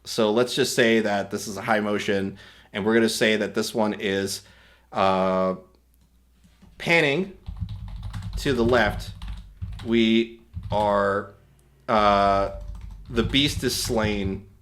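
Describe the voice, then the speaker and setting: A man's voice: on the low side, takes it slowly, long pauses, fairly bright tone, slight background noise. Rambling man walking through a tutorial. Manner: rambling and self-correcting, explaining step by step. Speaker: host demonstrating an AI video tool. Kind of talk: casual screen-recorded tutorial.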